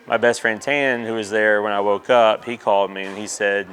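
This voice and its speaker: A man's voice: lowish voice, fairly even intonation, moderate pace, a bit bright. A man, candidly telling a personal story in an interview, with many fillers. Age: 30s.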